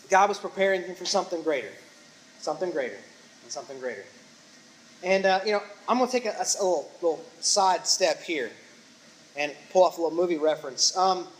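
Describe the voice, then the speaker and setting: Lively high-voiced preacher man. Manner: animated storytelling with acted-out quotes and sound effects. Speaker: pastor. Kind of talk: sermon.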